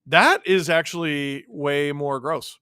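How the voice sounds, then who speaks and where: A male host watching a hockey game live, calling the plays, reacting loudly and reading out chat messages. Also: a little high, slow pace, clean tone, dry recording, clean studio sound. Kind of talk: live watch-along commentary and chat replies.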